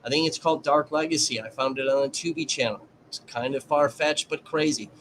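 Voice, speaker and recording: A man's voice: a little high, a little fast, fairly bright tone, a little hiss or hum, rough recording. A man hosting a casual livestream, chatting to his viewers and commenting on a trial. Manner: chatty, addresses viewers directly.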